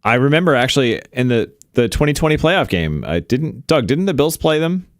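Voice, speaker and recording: Chatty, expressive male co-host. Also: medium pitch, fairly quick, no room sound, studio quality. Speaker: podcast co-host. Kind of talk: casual sports chat.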